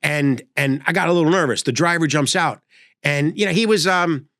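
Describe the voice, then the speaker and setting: A man's voice: fairly high pitch, moderate pace, fairly bright tone, no echo, clean studio sound. Older man telling rambling comic stories. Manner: rambling, self-interrupting storyteller. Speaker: comedy host. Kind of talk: storytelling comedy monologue.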